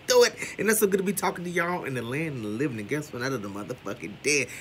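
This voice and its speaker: A man giving loud, brash gossip commentary with heavy cursing. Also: mid-range voice, expressive, racing, a little hiss or hum. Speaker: commentary vlogger.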